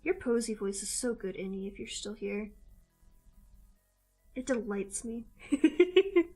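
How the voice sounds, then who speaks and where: A woman's voice: a little high, animated, slow pace, dark tone, breathy edge, faint music behind. A young woman from Missouri with a mild Southern-Midwestern accent, chatting casually and giggling with her viewers while she draws on a live stream. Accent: mild Southern-Midwestern American mix. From Missouri, USA.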